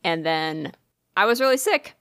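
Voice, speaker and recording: A woman's voice: lowish voice, moderate pace, smooth, no room sound, studio quality. A woman telling a long story in casual chat, swearing freely and acting out what people said. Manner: animated storytelling, frequent swearing, acts out quoted dialogue.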